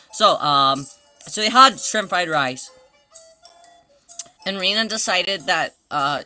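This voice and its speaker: A woman streamer with a lowish voice chats casually on stream. She's an excitable storyteller who stumbles, restarts, swears and laughs a lot.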